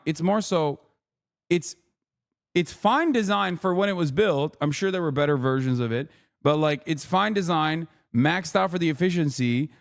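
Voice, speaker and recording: A man hosting a livestream, ranting profanely at his chat while commenting on the news. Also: fairly high pitch. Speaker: streamer host.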